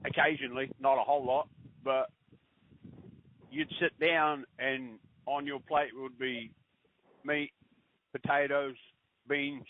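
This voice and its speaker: A middle-aged man from New Zealand telling rambling family stories in casual chat, with halting restarts. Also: mid-range voice, flat delivery. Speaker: podcast guest. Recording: tinny phone-line audio.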